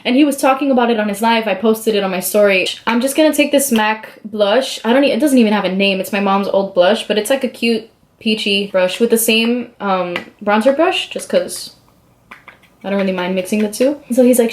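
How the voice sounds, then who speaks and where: A chatty young woman with a fairly high voice tells a story at home as she does her makeup. She talks casually, fills her sentences with "like", and jumps up in pitch whenever she acts out what other people said. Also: a little fast. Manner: chatty, lots of "like", animated quoting of others. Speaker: beauty vlogger.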